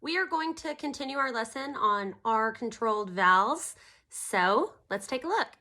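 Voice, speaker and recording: A woman teacher giving a recorded phonics lesson to children, speaking clearly and drawing out each sound. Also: a little high, expressive, bright, forceful tone. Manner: slow, clear, stretching out sounds for young learners.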